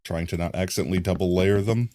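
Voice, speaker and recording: A man's voice: low-pitched, fairly even intonation, quick pace, background noise. A man streaming a block-building game, chatting casually with his chat and greeting viewers while he works. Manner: chatty, reads and answers chat while building, hums bam bam to himself. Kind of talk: casual live game commentary.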